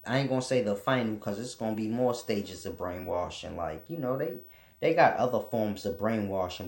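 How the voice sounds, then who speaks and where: A man's voice: lowish voice, a little mellow, echoey room. A man hosting his own channel, delivering a casual, preachy monologue full of blunt, profane rants. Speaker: channel host teaching spiritual ideas.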